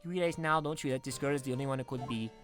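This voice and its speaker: A man's voice: medium pitch, fairly even intonation, very fast, a bit bright, soft background music, natural voice. A man voicing a haughty, cruel young woman prosecutor who speaks imperiously. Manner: imperious, sadistic.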